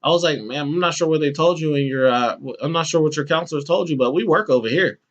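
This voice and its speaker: Animated male podcast host telling stories. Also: fast, highs cut off. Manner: animated, acts out quoted voices with bursts of pitch. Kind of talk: casual storytelling chat.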